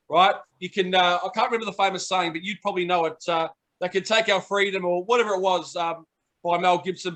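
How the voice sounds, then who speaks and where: A man's voice: high voice, fairly bright tone. A man hosting casual banter, teasing and chatty, with many fillers. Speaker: host. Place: abroad, remote.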